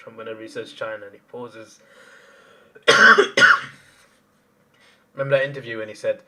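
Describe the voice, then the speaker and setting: A man's voice: lowish voice, fairly even intonation, normal speed, pauses often. A man hosting a live stream, chatting casually and answering chat comments as he rambles.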